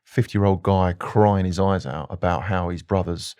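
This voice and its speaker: A man's voice: deep voice, fairly even intonation, normal speed, warm tone, smooth, no echo, studio quality. A British man, a podcast guest speaking earnestly and openly in conversation. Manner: earnest and open. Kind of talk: candid conversation.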